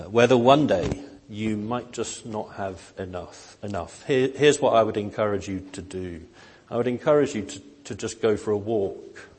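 A man preaching a sermon in a slow, gentle, earnest way, with emphatic rises. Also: lowish voice, slight background noise. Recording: long hall reverb.

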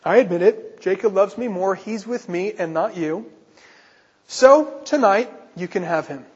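A spiteful, scornful biblical wife taunts her rival, as a male preacher voices her in a high, husky tone. The words ring out with a long hall echo and a dull, muffled sound. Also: a little slow, darkish tone. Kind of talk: acted quotes within a sermon.

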